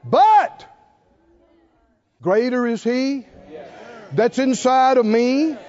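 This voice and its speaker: A man's voice: extremely high pitch, very slow, darkish tone. An older man preaching a sermon in an emphatic, folksy way with bits of humor, on a slightly dull lo-fi recording. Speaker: pastor.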